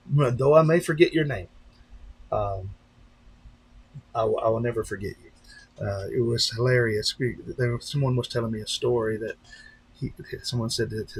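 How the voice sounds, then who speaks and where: A man's voice: medium pitch, gravelly, a little hiss or hum, low-quality recording. Rambling man hosting a live chat. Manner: rambling, with many fillers and restarts; breaks into animated voices when retelling stories. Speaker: channel host on a live stream. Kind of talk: casual live-stream chat.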